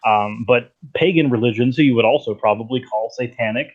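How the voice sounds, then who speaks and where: A man's voice: mid-range voice, brisk, narrow, tinny audio. A man as a guest in a casual debate, speaking bluntly and emphatically.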